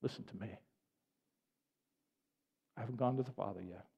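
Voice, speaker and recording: A man doing a gentle, compassionate male teacher. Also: medium pitch, lively intonation, normal speed, natural voice. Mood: calming. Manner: soft, tender and reassuring. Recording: dull lo-fi audio with long hall reverb.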